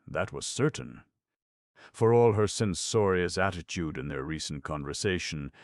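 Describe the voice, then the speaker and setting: A man narrating a comic novel as an audiobook in a measured storytelling manner. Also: very deep voice, no echo. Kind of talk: scripted narration.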